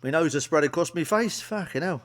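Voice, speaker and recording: A man's voice: a little high, expressive, a little fast. A man from England telling crude, sweary jokes to camera as a stand-up comedian. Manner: blunt and sweary, with a chuckling aside. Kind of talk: crude joke-telling monologue. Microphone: solo to camera, wearing a mask.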